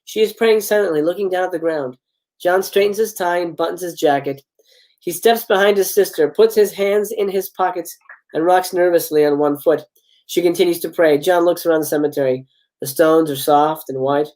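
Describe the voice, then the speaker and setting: A man's voice: high-pitched, normal speed, darkish tone, low-quality recording. Man reading stage directions aloud. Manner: reads stage directions with chuckling asides and stumbles. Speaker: host reading film scripts. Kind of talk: live script read-aloud.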